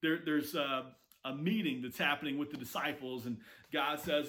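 Animated man preaching a sermon. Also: on the high side, moderate pace. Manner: animated storytelling with acted quotes. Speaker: pastor.

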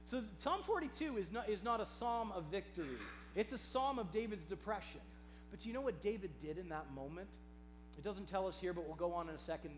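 A man preaching a sermon as pastor, swinging from hushed, low delivery to loud, impassioned outbursts and reading scripture aloud dramatically.

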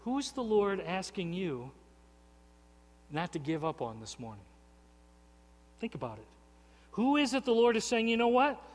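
A man's voice: sits high, big pitch swings, a little slow, pauses often, long reverb tail, a little hiss or hum. A man preaching a sermon as pastor, earnest and personal, often repeating words and restarting phrases. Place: church sanctuary.

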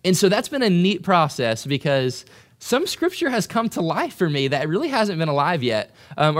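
A young man preaching a conversational sermon, animated and acting out quoted voices. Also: on the high side. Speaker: pastor.

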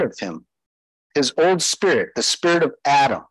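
Emphatic pastor with a higher male voice. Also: very animated, moderate pace, husky, no room sound, rough recording. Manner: emphatic, asks the listeners rhetorical questions. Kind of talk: sermon.

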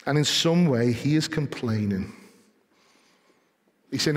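A man preaching a sermon, moving from calm explanation to rising, emphatic delivery. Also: mid-range voice, takes it slowly, long pauses. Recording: long hall reverb.

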